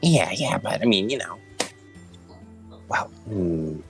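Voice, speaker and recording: A man's voice: low-pitched, sing-song, takes it slowly, faint music behind, poor audio. A man chatting casually as a tabletop game player, posing questions with stammering restarts.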